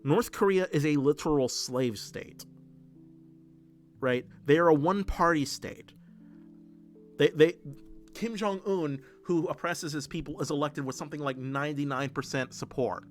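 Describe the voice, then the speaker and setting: A man's voice: a little high, normal speed, soft background music. A man doing livestream political commentary, reading chat as he goes, heated and profane, often restarting his sentences. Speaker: political streamer.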